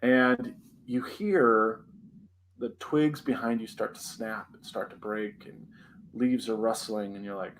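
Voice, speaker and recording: A young man co-hosting a podcast, telling a personal spooky story in an animated, dramatic way with many "like" fillers. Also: lowish voice, slow, a little hiss or hum, low-quality recording. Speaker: podcast co-host.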